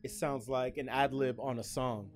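A woman hosting a streamed trivia night, with loud, joking, slangy banter and quick put-on voices. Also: very deep voice, steady tone, faint music behind. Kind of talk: casual streamed game commentary.

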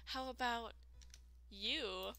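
A woman reading the lines of a gloating female spider queen boss in a video game, slow and relishing. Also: on the high side, bright, forceful tone, heavily acted.

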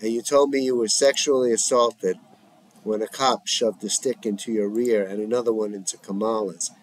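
A man voicing a calm, probing male therapist as he reads a script aloud in a measured, questioning way. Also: fairly low pitch, a little hiss or hum, close to an everyday voice, low-quality recording.

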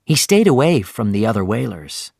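A man reading a story aloud in slow, clear, deliberate narration for language learners. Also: lowish voice, very animated, darkish tone, dry recording, studio quality.

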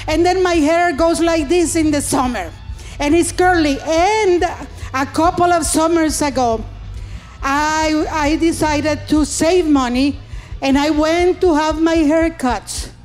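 A woman stand-up comedian, telling stories with animated acted-out voices. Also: high-pitched. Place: comedy stage.

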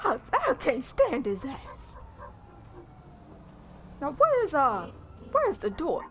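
A brash old grandmother in her seventies drawls and cusses, losing her train of thought with long uhs, as a woman puts her on. Her voice swings widely in pitch even though it sits below the woman's own very high voice. She is a character in a game role-play. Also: takes it slowly, slight background noise, full character voice. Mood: grumbling. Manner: drawling, swearing, trailing off with uhs. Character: brash, foul-mouthed grandmother, forgetful, in her 70s. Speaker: channel host.

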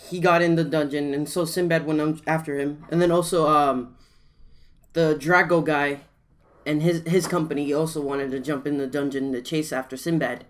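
A young man hosting a casual reaction video, talking excitably and swearing freely. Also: on the high side. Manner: excitable, shrieks and swears when scared.

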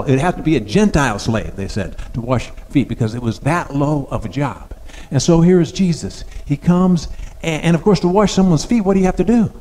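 A pastor with a rather high, slightly mellow voice delivers a sermon in a reverberant hall. His preaching is conversational, and he poses questions to the congregation.

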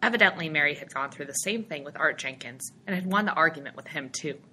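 A woman narrates a story in a steady, expressive audiobook reading. Her voice is bright and sits on the low side. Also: fast talker, slight background noise.

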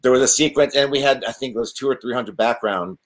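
A man, an actor and guest, telling stories in a casual interview, animated and rambling with many restarts. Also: medium pitch, fast talker.

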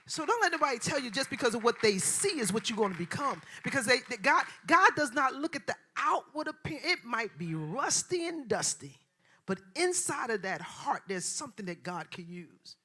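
A woman pastor preaching a sermon in a colloquial way, repeating phrases and rising from hushed passages to loud, shouted preaching. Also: fairly high pitch, slightly rough. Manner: colloquial, repeats phrases, acts out quoted voices.

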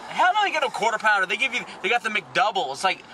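A man's voice: sits high, sing-song, fast. A man filming a vlog from a car, teasing and prompting with questions in casual chat. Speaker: vlogger filming. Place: inside a car. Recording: far from mic, loud car noise.

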